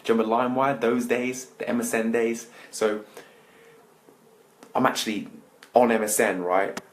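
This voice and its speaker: A young man, a motivational speaker telling his life story to an audience in a lively, chatty way. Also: mid-range voice, normal speed. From England.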